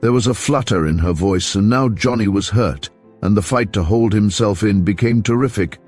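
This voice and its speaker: Deep-voiced male audiobook narrator. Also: normal speed, a little mellow, faint music behind.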